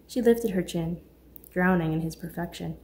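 A woman narrating a Christian suspense audiobook with a steady, measured reading. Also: on the low side, slight background noise. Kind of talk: scripted narration.

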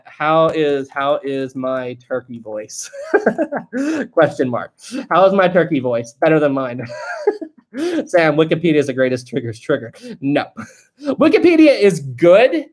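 A casual live-stream host who chats with viewers, reads their messages aloud and thinks out loud between them. The pitch is lively and wanders widely. The host laughs easily and keeps things loose and jokey. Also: moderate pace. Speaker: livestream host reading viewer donations.

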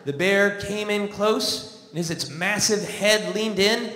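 On a theatre stage, a male comedian tells a stand-up story with a dry, wry delivery, his high-pitched voice pushed and bright as he takes it slowly. His stage microphone is picked up from a distance, leaving an echoey hall sound.

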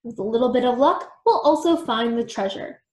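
A bossy, excitable gothic mouse lady, voiced by a woman reading aloud, high and dramatic in every line. She exclaims and scolds with flair, and the sound rings in an echoey room. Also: fairly quick, natural voice.

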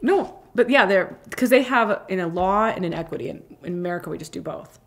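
Woman cohost, chatty, laughs a lot, really animated up-and-down voice, reads out questions. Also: fairly low pitch, a little fast. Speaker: co-host, lawyer. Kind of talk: casual chat.

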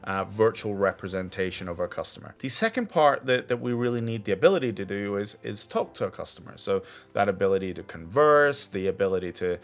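A man presenting a screen-share technology demo, explaining in a halting way that restarts and repeats words. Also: lowish voice, animated. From Scotland.

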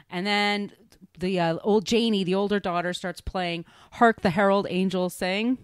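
A woman's voice: mid-range voice, normal speed, clean tone, dry recording. A woman podcast co-host chatting casually as she retells a film, rambling and laughing.

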